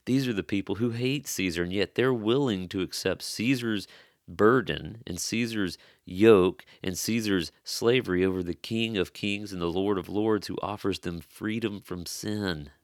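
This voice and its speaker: A man's voice: fairly low pitch, a little slow, no room sound, clean studio sound. A man preaching an expository sermon in an earnest, conversational way, stressing key phrases.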